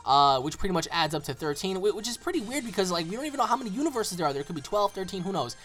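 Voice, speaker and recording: A man's voice: high-pitched, sing-song, racing, few pauses, fairly bright tone, faint music behind. A man hosting a casual anime recap, rambling with lots of fillers. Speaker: host.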